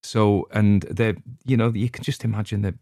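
A man's voice: lowish voice, fairly even intonation, normal speed, mellow, dry recording, studio quality. An older man hosting a podcast, chatting casually in a rambling, hesitant way with plenty of ums. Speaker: podcast host. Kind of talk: casual chat.

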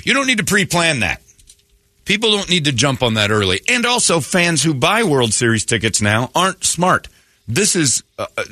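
A man's voice: medium pitch, dry recording, studio quality. A man hosting a morning radio show, telling stories with lots of acted-out dialogue and blunt opinions, swearing now and then. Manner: animated storytelling, acts out both sides of conversations. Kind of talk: casual radio chat.

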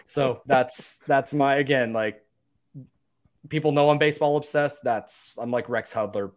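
A man's voice: mid-range voice, slow pace, long pauses. Chatty, laughing young man on a podcast. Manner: laughs often, chatty and self-deprecating. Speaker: podcast co-host. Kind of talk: casual sports podcast chat.

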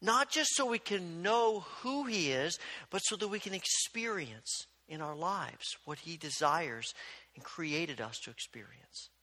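A man preaches in a high, ringing voice with a bright, forceful edge. He tells the scripture as a story and acts out the voices of the people in it. His words carry a long echo through a large sanctuary. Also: animated, measured pace. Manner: storytelling preacher who acts out quoted exchanges. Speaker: pastor. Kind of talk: sermon.

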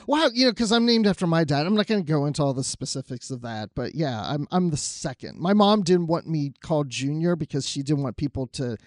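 A man co-hosting a casual podcast chat, telling stories in a relaxed, easygoing way. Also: fairly high pitch, brisk, hardly any pauses, dry recording, clean studio sound. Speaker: podcast co-host.

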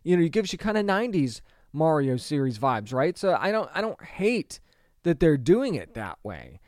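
Fairly high-pitched and very animated, this man speaks at a normal speed with a slightly mellow tone in a studio-quality recording free of room sound. He's an online movie commentator in his thirties or forties who grew up with a 1990s animated series, and he addresses the camera emphatically, posing rhetorical questions and restarting sentences as he forms his opinion.

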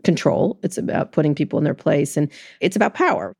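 A woman with a lowish voice hosts an interview, asking direct questions and offering firm, reassuring comments. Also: sing-song, fairly quick, creaky, darkish tone, breathy edge. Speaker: interviewer, host.

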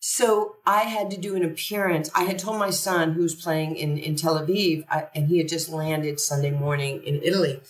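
Brief: woman with a low voice, animated storyteller who acts out dialogue, recorded far off in a roomy space. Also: normal speed. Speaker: podcast guest. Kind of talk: conversational storytelling. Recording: roomy echo from a distant mic.

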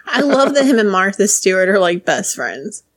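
A woman's voice: mid-range voice, sing-song, moderate pace. A woman co-hosting a podcast in casual chat, mostly giving short agreeing replies and laughing easily. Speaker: podcast co-host.

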